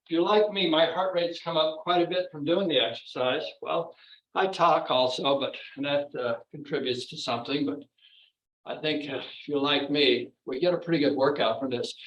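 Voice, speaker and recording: A man with a fairly high voice calmly cues the breaths and movements of a tai chi and qigong class, laughing lightly now and then. He sounds a little out of breath. He is some distance from the mic in an echoey room. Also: normal speed, highs cut off. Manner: calm, instructive cueing with frequent light laughs. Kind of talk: guiding a virtual exercise class. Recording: roomy echo, distant from the mic.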